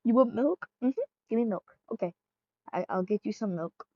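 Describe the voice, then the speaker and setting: A woman's voice: mid-range voice, normal speed, dull audio, close to an everyday voice. A woman voicing an awkward, sweet puppet boyfriend who stammers and talks earnestly in a fan audio role-play.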